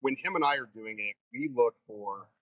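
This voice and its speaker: A man who teaches fire training, telling stories in a casual interview in a lively way. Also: mid-range voice, normal speed, dry recording, low-quality recording. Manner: animated storyteller.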